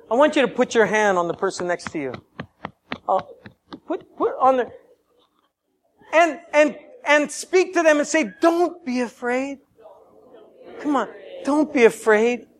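A man preaching a sermon, animated and laughing often, leading the congregation in call-and-response. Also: very high-pitched.

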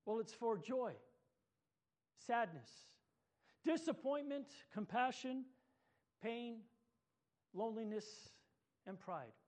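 A man's voice: extremely high pitch, animated, takes it slowly, long pauses, a little mellow, full character voice. A man reading aloud as the Lord, an eager, proud creator, in an earnest storybook manner.

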